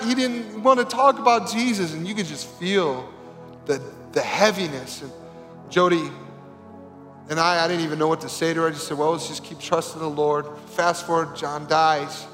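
A male pastor telling a story in a sermon, animated and acting out the voices of the people in it. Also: high-pitched. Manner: animated, acts out quoted voices. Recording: reverberant hall with faint music.

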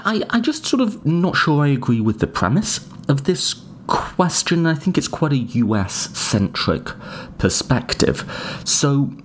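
Deep husky man lecturing casually. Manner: informal and hedging, often says "sort of"; occasionally swears. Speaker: political philosophy lecturer. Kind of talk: casual spoken lecture with listener questions.

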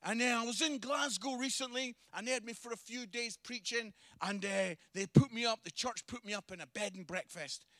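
A man preaching a lively sermon, telling a story with humour and acting out the people in it. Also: extremely high pitch, fairly quick, few pauses, no room sound. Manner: animated, humorous, acts out dialogue.

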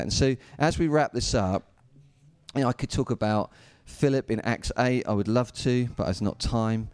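A man's voice: medium pitch, darkish tone, smooth, no room sound. Emphatic male preacher, dry sound. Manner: emphatic, repetitive, humorous asides. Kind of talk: sermon.

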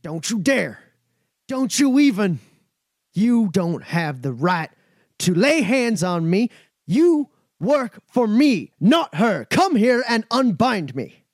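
A man voicing an arrogant, furious deposed mayor who shouts indignant commands at his servants. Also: high-pitched, very animated, slow, no echo, clean studio sound, voice pushed up, exaggerated voice.

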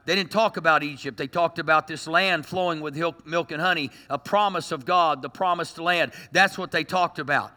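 A man preaching in a high voice that rings very bright and sharp. He delivers a sermon to his congregation with lively energy and slips joking asides between his points. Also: moderate pace, hardly any pauses, long reverb tail. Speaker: pastor.

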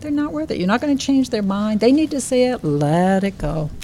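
A woman's voice: sits high, quick pace, a little hiss or hum. An older woman, an author, reading expressively from her book and then chatting in an interview, recorded live in a bookstore. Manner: expressive reading with lively quoted voices.

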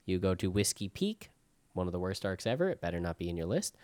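A man talks fast and loose in a casual podcast chat, cursing and restarting his sentences. His pitch swings widely as he gets worked up. The sound is dry and close, with no room echo. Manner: animated, swears freely, lots of restarts. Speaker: podcast co-host. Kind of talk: casual chat about anime.

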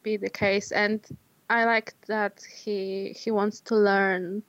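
A woman's voice: medium pitch, level tone, slow, fairly bright tone, dry recording, muffled recording. A woman co-hosting a podcast in casual chat, hesitant, often restarting and searching for words. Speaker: podcast co-host.

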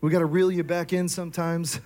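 A male pastor preaching a sermon, energetic and often firing questions at the congregation. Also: a little high, brisk. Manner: energetic, asks the crowd questions.

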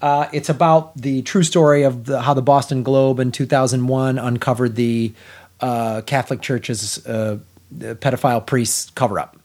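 A middle-aged man co-hosting a podcast, reviewing a film in casual chat, blunt and animated, swearing freely and often restarting his sentences. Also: mid-range voice, moderate pace.

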